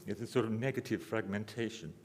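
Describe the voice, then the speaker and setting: Man, lecturer, halting delivery, frequent restarts, dry humor, long hall reverb. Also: lowish voice, steady tone, a little mellow, slight background noise. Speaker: lecturer, architect. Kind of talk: lecture at a symposium.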